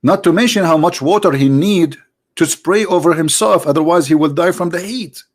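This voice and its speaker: A man's voice: lively intonation, normal speed, a little mellow. Sarcastic man with an Arabic accent. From Middle East. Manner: mocking, theatrical, jumps between high exclamations and low asides. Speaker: live-stream host. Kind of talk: sarcastic monologue.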